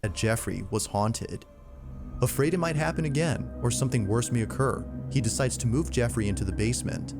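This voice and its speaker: A man telling a spooky story in steady, scripted narration. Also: mid-range voice, a little fast. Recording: narration over loud music.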